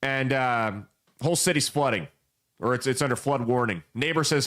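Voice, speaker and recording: A man's voice: mid-range voice, moderate pace, fairly bright tone. A young adult man hosting casual political commentary, telling folksy parables with blunt emphasis. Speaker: podcast host.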